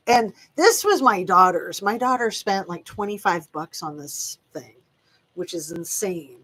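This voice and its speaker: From a room in her house, a fifty-something woman who hosts a true crime channel runs a relaxed live stream, talking warmly to viewers and to her dogs as she rambles. Her voice is lowish with a fairly bright tone.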